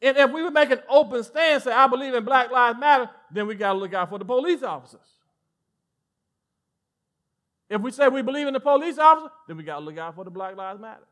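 With an extremely high pitch, this Southern-accented pastor delivers his sermon quickly but with frequent pauses. His preaching is lively, moving from booming emphasis to quiet asides.

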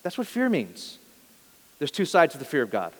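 A man's voice: fairly high pitch, huge pitch swings, moderate pace, big-room sound. A male pastor giving a sermon, talking in an earnest, conversational way and often correcting himself mid-sentence.

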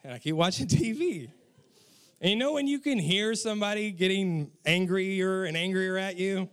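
A man in his forties with a high voice delivers a sermon. He tells stories from his own life with frequent chuckles and turns to speak directly to his listeners. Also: moderate pace, fairly bright tone, smooth. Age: 40s. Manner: chuckling storyteller, talks straight to the audience. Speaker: pastor. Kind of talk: sermon with humorous personal stories.

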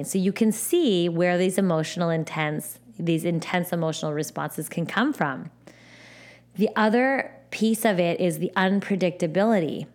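A woman hosting a podcast alone, talking in a gentle, encouraging way and often repeating her phrases. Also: fairly low pitch. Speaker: podcast host. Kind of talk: supportive solo podcast talk.

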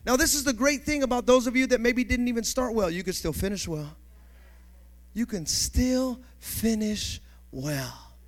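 A male pastor preaching a sermon emphatically, building to shouts and calling for responses from the congregation. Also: very high voice, fast talker, hardly any pauses.

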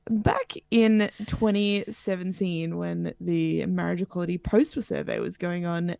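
Gravelly-voiced woman co-host. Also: lowish voice, steady tone, measured pace, mellow, no room sound. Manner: wry, joking. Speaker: podcast co-host. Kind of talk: casual chat. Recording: dry close-mic sound.

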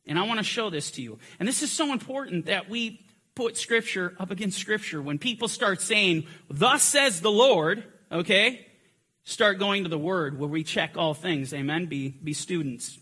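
A man's voice: sits high, animated, moderate pace, husky. A man teaching a Bible lesson in an emphatic way, pressing his points harder as he goes. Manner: emphatic, building to forceful climaxes. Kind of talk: teaching lecture.

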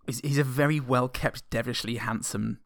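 A man co-hosting a casual film-review podcast, rambling and making deadpan jokes. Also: mid-range voice, fairly quick, creaky, no echo, clean studio sound. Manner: jokey, rambling, deadpan quips.

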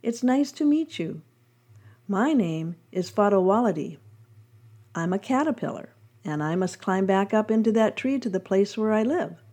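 A woman voicing a gentle, polite female caterpillar in a storybook reading, speaking courteously and earnestly with a mellow tone. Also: mid-range voice, expressive, moderate pace, natural voice.

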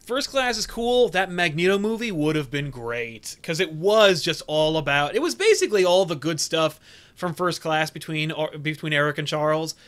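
A man co-hosting a casual chat about comics and movies over a remote call, animated and ranting, swearing freely. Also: a little high, normal speed. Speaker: podcast co-host.

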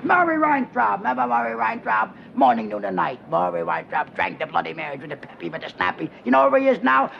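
High, creaky, bickering old man, swooping all over; dull film audio. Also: big pitch swings, quick pace, hardly any pauses, a little hiss or hum, exaggerated voice. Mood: complaining. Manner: loud complaining, shouting. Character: loud cranky old man in disguise, bickering. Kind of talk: film comedy clip.

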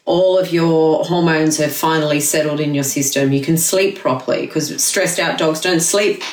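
A woman guest talking about dog behaviour, an animated storyteller in casual chat who swears freely. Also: sits low, normal speed, reverberant, distant mic, rough recording.

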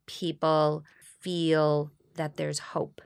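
A woman, a Reformed Jewish clergy member, speaking in a reflective interview with a smile in her voice and earnest, halting storytelling. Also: deep voice, level tone, creaky, clean tone, no echo, studio quality. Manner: smiling, earnest storytelling with frequent pauses and restarts. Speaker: Reformed Jewish clergy leading healing services.

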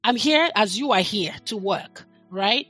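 A woman's voice: medium pitch, lively intonation, measured pace, a bit bright, breathy edge, dry recording, soft background music. A middle-aged woman, talking as a podcast guest in a passionate, emphatic way, leaning hard on her words. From Nigeria. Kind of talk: casual chat.

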